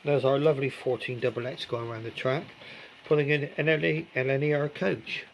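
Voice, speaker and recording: A man's voice: mid-range voice, fairly even intonation, fairly quick, creaky, a little hiss or hum. A man, chatting casually about model railway pieces while filming on his phone. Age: 60s. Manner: chatty and rambling, with gentle asides. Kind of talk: casual hobby commentary.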